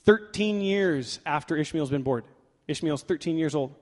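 A male pastor preaching a sermon in a conversational way, swinging from loud emphatic bursts to quiet asides and joking with himself. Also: a little high, animated, moderate pace. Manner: conversational with fillers like "like" and playful self-talk. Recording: long reverb of a large hall.

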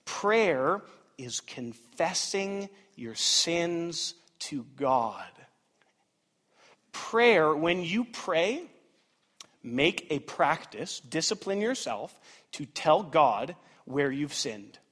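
A man in his thirties preaching a sermon as pastor, animated and dramatic, swinging between loud outbursts and hushed asides. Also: fairly high pitch, very slow. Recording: reverberant church hall.

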